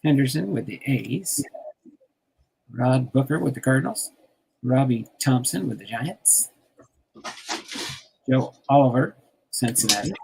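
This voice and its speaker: An older man from New Jersey hosting a relaxed chat, reading out card names and laughing often. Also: medium pitch, measured pace, vocal fry, long pauses, slight background noise. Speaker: host sorting baseball cards on a stream. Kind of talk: casual chat.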